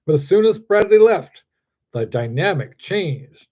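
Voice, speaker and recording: Man reading a story in a dark tone. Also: sits high, sing-song, a little slow. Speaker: author reading his story.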